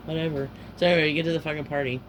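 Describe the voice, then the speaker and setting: A man with a somewhat high voice tells a rambling story, swearing often and padding it with filler words. His talk wanders through asides and half-finished thoughts, with a faint hum of noise behind him. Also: flat delivery, very fast. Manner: profane, heavy with fillers. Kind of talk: rambling anecdote.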